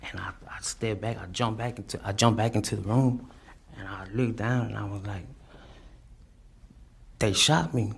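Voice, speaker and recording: A man giving courtroom testimony, halting and repeating his words, often adding "you know what I'm saying". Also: fairly low pitch, fairly even intonation, creaky, slightly rough. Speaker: defendant testifying.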